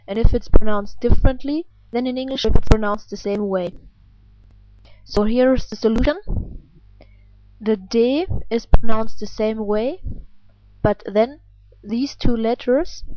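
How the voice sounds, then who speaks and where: A native German woman teaching her language speaks with a German accent in a fairly high, warm voice, patiently explaining pronunciation step by step and asking the learner questions. The audio quality is poor.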